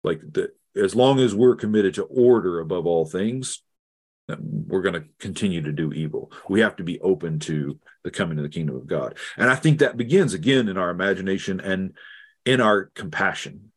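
A middle-aged man, a guest theologian, telling a personal story in an earnest, halting way with many restarts. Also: deep voice. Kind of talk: reflective storytelling in conversation.

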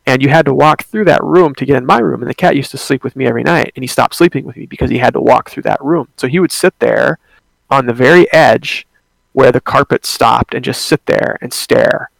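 A man's voice: mid-range voice, fairly quick, creaky, no echo. A young man telling a personal ghost story in a casual, rambling way, with many fillers and restarts.

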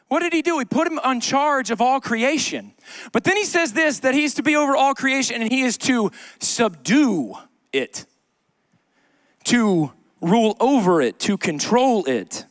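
A pastor's very high-pitched, somewhat bright voice carries a conversational sermon for his church congregation, full of joking asides and key lines said again and again. The studio-quality recording has no echo.

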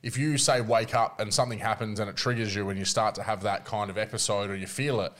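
A man's voice: lowish voice, steady tone, fast, fairly bright tone. A man on a podcast talking earnestly about working through hard days, thinking aloud and swearing casually.

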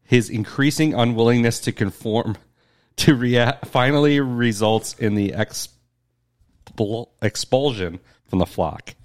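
A man's voice: mid-range voice, slow pace. A man co-hosting a casual chat, reading trivia aloud and joking as he rambles. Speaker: podcast co-host.

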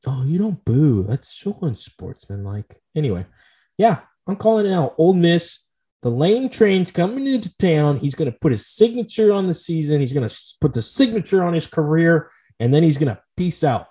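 A man co-hosting a casual whiskey-tasting podcast, loud and joking. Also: big pitch swings, normal speed. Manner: loud, joking, swings his pitch widely. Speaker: podcast co-host.

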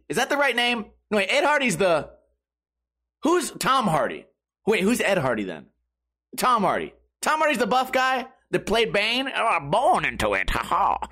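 Guy ranting to his viewers, swears a ton, rambly, pitch all over the place. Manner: profane, animated, rambling with restarts. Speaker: talker addressing viewers. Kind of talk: casual ranting monologue.

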